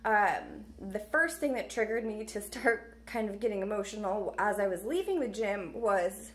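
A young woman talking in a halting, emotional way in a personal vlog, her voice close to tears. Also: mid-range voice, expressive. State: tearful. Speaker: vlogger.

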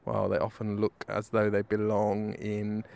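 A man's voice: fairly low pitch, monotone, measured pace, vocal fry, a little mellow. A man, giving a wry, rambling spoken dispatch as a correspondent. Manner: wry, rambling, self-mocking.

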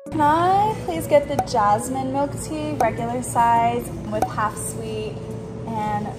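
A woman's voice: fairly high pitch, slow. A young woman narrating a day-in-my-life vlog, bubbly and chatty with trendy slang and frequent laughs. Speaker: vlogger. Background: music.

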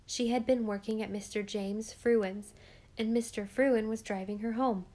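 Mellow woman reading an audiobook. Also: a little high. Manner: steady, measured reading. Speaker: audiobook narrator. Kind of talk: scripted audiobook narration.

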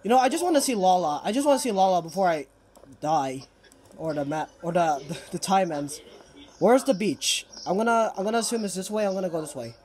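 A man's voice: sits high, animated, brisk, darkish tone. Young male gamer, nervous running commentary, sudden panicked yelps, casual delivery. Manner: jittery, frequent panicked outbursts. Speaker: game player.

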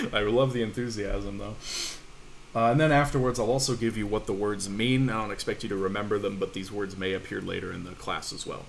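A man's voice: on the low side, fairly bright tone, a little hiss or hum. A man teaching a language class over a voice call, in a casual, reassuring way. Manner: casual, reassuring, fillers and restarts. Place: home room, online voice call.

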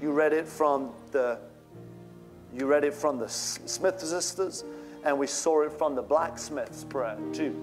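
A man's voice: fairly high pitch, measured pace, faint music behind. A male pastor preaching a sermon with fervent, rising outbursts.

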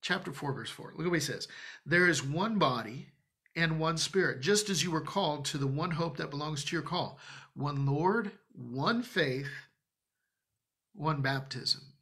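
A man's voice: on the high side, animated, a little slow, bright, forceful tone. A man preaching in a church, teaching from the Bible in a conversational, emphatic way with joking asides. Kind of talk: Bible-study sermon.

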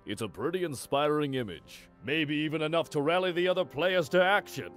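An actor playing a smug, scheming male guild commander with a dry, sarcastic manner in an animated parody. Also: fairly high pitch, brisk, soft background music.

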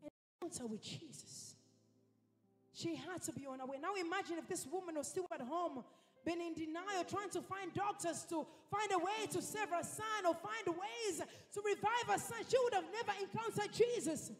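A woman's voice: very high-pitched, normal speed. A woman preacher delivering a sermon with emphasis, repeating her phrases for effect. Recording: reverberant hall with faint music.

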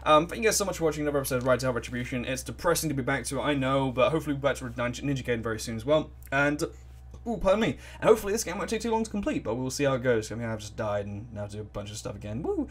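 A man giving excitable, rambling let's play commentary full of swearing and reactions to the game. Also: mid-range voice, racing. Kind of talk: gaming commentary.

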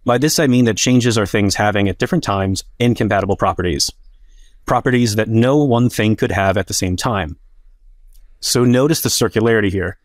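Man, low voice, dry close sound, academic debate, casual filler-heavy delivery. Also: brisk, dry recording. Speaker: philosopher in a debate.

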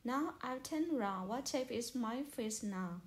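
A woman's voice: a little high, animated, slow pace. A woman voicing a bookish young male fish schoolboy in a storybook, explaining patiently and earnestly.

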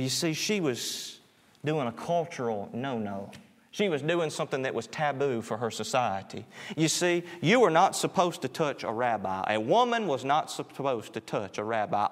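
A preaching man in a reverberant church. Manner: swells in pitch and loudness on appeals, drops low and soft on closing words. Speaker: pastor. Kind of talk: sermon.

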